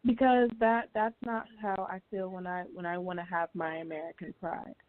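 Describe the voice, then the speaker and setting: A woman's voice: fairly low pitch, level tone, moderate pace. A young woman on a call-in show, talking earnestly with frequent hesitant restarts. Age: young adult. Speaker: guest. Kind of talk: casual call-in chat. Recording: tinny phone line.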